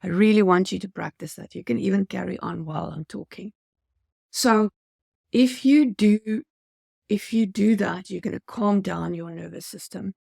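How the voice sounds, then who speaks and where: A woman's voice: mid-range voice, normal speed, creaky, mellow, slightly rough, dry recording, studio quality. A woman giving a motivational customer service training talk, earnest and coaching, speaking straight to her viewers.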